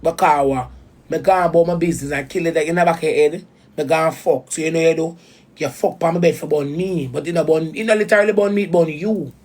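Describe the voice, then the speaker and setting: A woman vlogger with a Jamaican accent rants heatedly to her viewers about a betrayal, cursing in patois. Her voice is low and a little mellow, and she talks at a quick pace.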